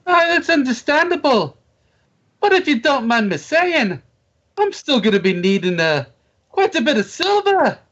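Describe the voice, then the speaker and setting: A woman's voice: high voice, sing-song, moderate pace, muffled recording. A woman voicing a blunt male dwarf adventurer who bargains in a bold, folksy way. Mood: haggling.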